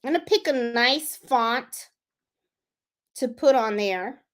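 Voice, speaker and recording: A woman hosting a live embroidery tutorial, chatting casually and thinking aloud as she clicks through design software. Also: on the high side, animated, slow. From Puerto Rico. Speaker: sewing and embroidery channel host.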